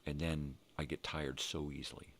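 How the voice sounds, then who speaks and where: An older man hosting a rambling morning vlog, talking to himself and cursing freely as he thinks out loud. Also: extremely low pitch, little pitch movement, normal speed. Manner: rambling, profane, talks to himself. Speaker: vlog host.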